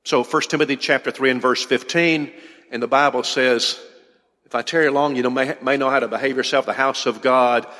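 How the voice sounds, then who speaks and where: A man's voice: mid-range voice, pushed and bright, in a large hall. A man preaching a teaching sermon, explaining in a conversational way and putting questions to his congregation. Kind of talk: sermon lecture.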